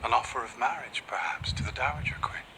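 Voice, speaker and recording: A man's voice: medium pitch, fast, vocal fry, close to an everyday voice. Man as a whispering scheming councillor. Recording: quiet distant TV clip with music.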